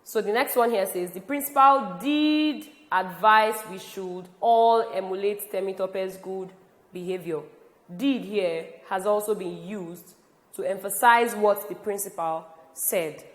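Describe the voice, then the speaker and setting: Deliberate woman teacher in a roomy echo. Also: lowish voice. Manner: slow, deliberate, stresses example words. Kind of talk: grammar lesson. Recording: roomy with long reverb.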